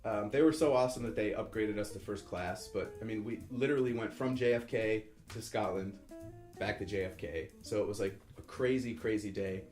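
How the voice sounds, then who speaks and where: A young man with a fairly low voice tells a story casually, wandering, backtracking and doing little voices for the people involved. The room gives his voice a noticeable echo, and a guitar plays faintly in the background. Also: brisk, a little mellow. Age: 20s. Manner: rambling, self-correcting, acts out quoted voices. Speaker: musician telling a story.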